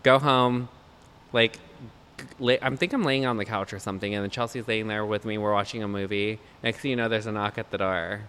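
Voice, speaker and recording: A man's voice: fairly low pitch, steady tone, fairly quick, fairly bright tone, slight background noise. A young man co-hosting a podcast, telling a rambling, profane story in casual chat, full of "like" and "literally". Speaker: podcast co-host.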